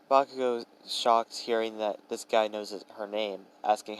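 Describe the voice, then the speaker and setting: A man's voice: lowish voice, fairly even intonation, normal speed, hardly any pauses, a little hiss or hum, poor audio. Young man rambling through a fan story. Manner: rambling, with fillers and restarts. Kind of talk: improvised fan-fiction narration.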